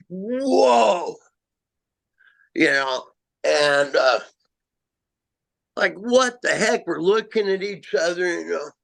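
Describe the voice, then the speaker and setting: A middle-aged man recounts a strange outdoor encounter in first person. His voice sits a bit high for a man, and he takes his time, halting and restarting with a self-mocking edge. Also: a bit bright, poor audio. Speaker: amateur Bigfoot researcher.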